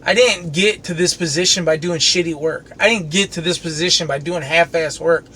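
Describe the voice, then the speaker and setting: A man's voice: fairly high pitch, moderate pace. A man who cleans commercial kitchens, venting in a heated, profane, sarcastic rant. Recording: steady traffic and car noise behind.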